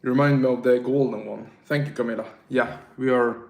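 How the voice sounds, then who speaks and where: A man's voice: medium pitch, steady tone, fairly quick, gravelly, darkish tone, reverberant. A tipsy man from Sweden with a Swedish accent, chatting casually on a livestream and reading out chat in a rambling, slangy, self-mocking way.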